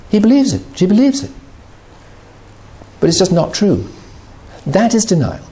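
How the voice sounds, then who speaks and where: A middle-aged man giving a talk on addiction recovery, animated and acting out the voices he quotes. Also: a little high, creaky.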